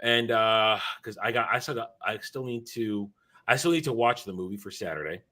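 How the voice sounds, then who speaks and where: Brief: male streamer, tired, rambly casual chat, bright forward tone. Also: lowish voice, moderate pace. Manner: rambling, self-correcting, chatty. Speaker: streamer hosting his own show.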